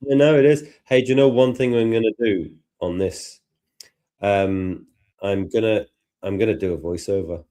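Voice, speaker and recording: A man with a Liverpool accent presenting a live tutorial in a relaxed, self-deprecating way. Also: lowish voice, moderate pace. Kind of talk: casual live tutorial chat.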